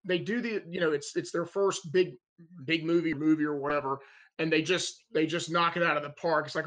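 A man's voice: a little high, brisk. A man co-hosting a film podcast, telling rambling stories with lots of fillers. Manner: rambling, animated storyteller with many fillers. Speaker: podcast co-host. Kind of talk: casual film podcast chat.

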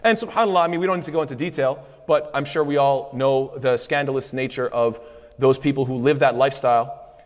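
A man teaching a lecture on hadith, conversational and quick, with frequent restarts and phrases mixed in. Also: medium pitch. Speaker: Islamic studies teacher. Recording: long hall reverb.

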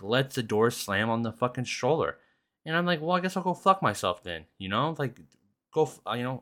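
A man's voice: mid-range voice, bright, forceful tone. A man, hosting a solo podcast and telling rambling, profane stories in a casual chat. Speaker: podcast host.

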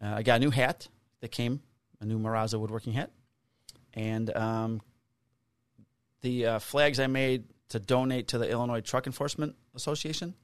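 Middle-aged male podcast co-host, casual profane storyteller, average pitch, dry close sound. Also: moderate pace, long pauses, no room sound. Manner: animated storyteller, swears freely, acts out quotes in raised voice. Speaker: podcast co-host, police officer.

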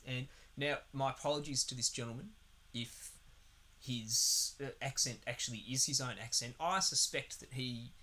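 A man's voice: mid-range voice, steady tone, normal speed, pushed and bright. A man co-hosting a podcast, chatting casually and sarcastically about a film, swearing often and rambling. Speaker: podcast co-host. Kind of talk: casual film review chat.

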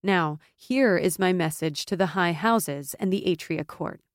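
A woman's voice: fairly low pitch, measured pace, dry recording, studio quality, lightly acted. A woman voicing a proud young noblewoman who speaks in a firm, commanding, contemptuous way.

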